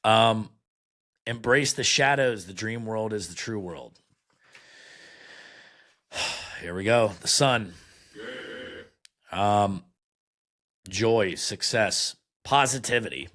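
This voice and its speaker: A man's voice: on the low side, very slow, pauses often, a bit bright. A man hosting a podcast, giving blunt critical commentary as he reads card meanings aloud, sarcastic and full of fillers. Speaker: podcast host.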